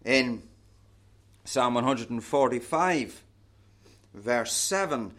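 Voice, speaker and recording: A man preaching a sermon, slow and emphatic, letting key words sink low and soft.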